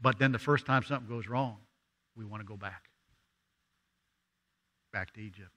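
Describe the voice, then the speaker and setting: In a church sanctuary, a guest preacher delivers a sermon conversationally, asking the congregation questions and acting out the voices of people in the story. His voice is on the low side, a bit bright, and moves at a moderate pace.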